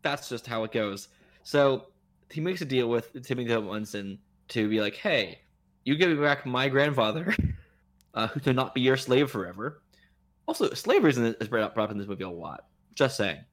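A man chatting on a podcast about a film, his pitch jumping around as he retells scenes with disbelief. His delivery is loose and conversational, with frequent laughs and asides. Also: moderate pace. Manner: animated, incredulous retelling with laughs. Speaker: podcast co-host. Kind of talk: casual chat reviewing a movie.

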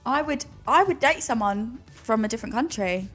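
A young woman co-hosting a podcast, gossipy and quick to laugh. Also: a little high, lively intonation, fairly bright tone, husky, faint music behind. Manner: giggly, gossipy, laughs often. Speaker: podcast co-host. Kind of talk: casual chat.

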